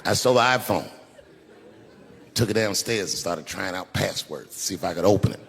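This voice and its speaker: A man doing stand-up comedy, telling a long story and acting out the voices with big swings in pitch. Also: fairly quick, gravelly, a bit bright. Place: comedy club stage. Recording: live club with long reverb and faint ambience.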